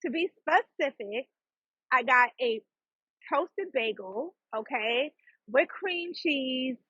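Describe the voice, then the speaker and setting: A chatty woman tells a story on her podcast, quick and full of asides to her listeners. Her voice sits high and bright with a husky edge. The sound is dry and a little dull, like a lo-fi home recording. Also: no echo. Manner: chatty, fast, laughs at herself, asides to listeners. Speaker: podcast host and psychic. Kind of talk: casual storytelling monologue.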